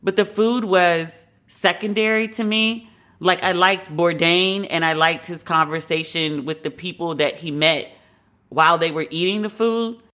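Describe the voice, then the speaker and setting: A woman with a bright, forceful voice hosts a podcast in casual commentary. She talks candidly and conversationally, with strong opinions and the odd curse word. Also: lowish voice, a little slow. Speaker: podcast host.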